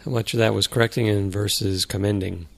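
A middle-aged man co-hosting a casual podcast, telling stories in a relaxed way and laughing easily. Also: fairly low pitch, fast, gravelly, no echo. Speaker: podcast co-host.

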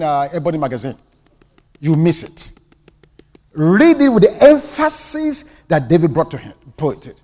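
A man with a Nigerian accent preaching a sermon with passion, dropping to hushed asides and rising to ringing declarations. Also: on the high side. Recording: long hall reverb.

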